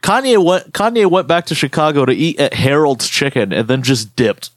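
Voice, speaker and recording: A young man co-hosting a podcast, ranting and joking in animated, slangy casual chat. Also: mid-range voice, normal speed, no echo. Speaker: podcast co-host.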